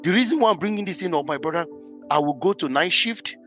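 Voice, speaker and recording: A man, a podcast guest, telling his life story in an animated, emphatic way. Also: fairly high pitch, fast talker, faint music behind. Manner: animated, emphatic, acts out scenes. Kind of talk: personal storytelling in conversation.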